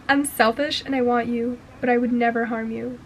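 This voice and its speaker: A brooding young male villain from a fantasy novel pours out a quiet, earnest confession. A woman reads him out in her own fairly high voice. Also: steady tone, normal speed, slight background noise, natural voice.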